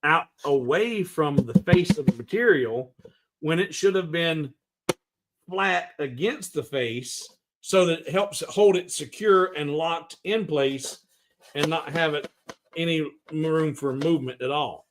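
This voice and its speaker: A man's voice: fairly high pitch, measured pace, a little hiss or hum. A man with a Southern US accent hosting a casual woodworking livestream, talking in a rambling, friendly way with many restarts. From American South. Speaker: livestream host.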